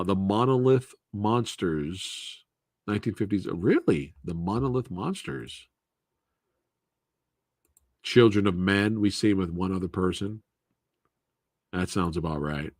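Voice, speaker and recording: A man's voice: deep voice, takes it slowly, no echo, studio quality. A man hosting a live movie Q&A stream, chatting casually, laughing often and swearing freely.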